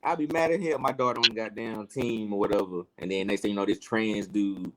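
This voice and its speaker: A young man with a very deep voice co-hosts a casual podcast. He is a little tipsy and speaks emphatically, with heated, profane opinions. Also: fairly even intonation, a little fast, low-quality recording. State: tipsy from drinking. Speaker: podcast co-host. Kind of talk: casual chat.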